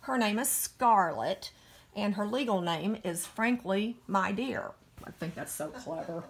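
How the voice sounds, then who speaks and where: In this casual phone video, the middle-aged breeder from Virginia, USA, fawns over a puppy with affectionate baby talk. Her medium-pitched voice has lively intonation, and she speaks at a measured pace.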